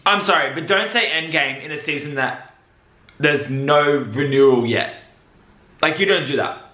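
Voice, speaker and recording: A man hosting a reaction video, talking casually and excitedly, breaking into high shrieks. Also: measured pace. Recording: roomy echo with faint music.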